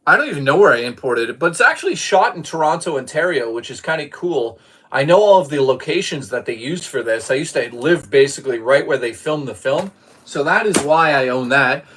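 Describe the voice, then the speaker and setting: A man's voice: a little high, lively intonation, fairly quick, a bit bright, breathy edge. A man from Boston streaming live, chatting casually about his movie collection and reading out chat messages, swearing now and then.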